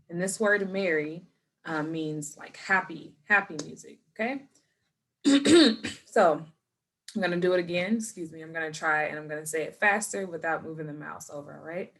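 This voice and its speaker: A woman teacher recording a lesson for her students at home, patient and encouraging, slowing down to model words clearly. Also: on the low side, a bit bright.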